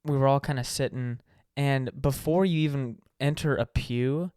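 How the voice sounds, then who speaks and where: A man co-hosting a casual podcast, telling a rambling story full of fillers and restarts. His voice is smooth and resonant, recorded dry and close. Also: medium pitch, moderate pace, darkish tone, no echo. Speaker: podcast co-host.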